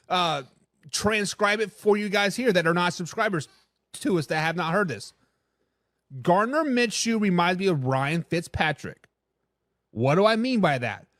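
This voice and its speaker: This sports talk show host has a high-pitched voice, heard in a dry recording with clean studio sound. Live on stream, he answers chat and gives blunt views, sometimes tripping over words and repeating them when excited.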